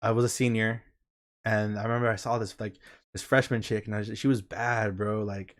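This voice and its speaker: A young man hosting a casual chat stream, telling a story in relaxed, slangy talk. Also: on the low side, brisk. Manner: laid-back storytelling with slang. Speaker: streamer host.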